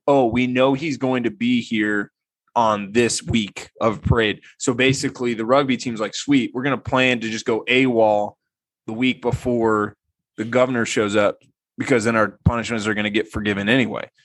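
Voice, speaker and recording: A man's voice: mid-range voice, fairly bright tone, dry recording. A young man hosting a casual chat, telling a story with frequent laughs. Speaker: podcast host. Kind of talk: casual chat among friends.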